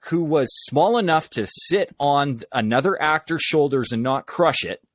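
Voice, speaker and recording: A man on a podcast, a guest who coaches public speaking, telling stories in an animated way with quick asides. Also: a little high, no echo. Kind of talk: conversational storytelling.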